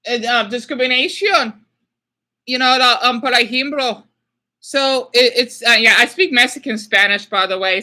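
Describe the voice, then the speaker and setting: A woman on a casual livestream reading viewer messages, talking haltingly with many fillers and slipping into hesitant Spanish. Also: sits high, bright, forceful tone. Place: lives in Phoenix.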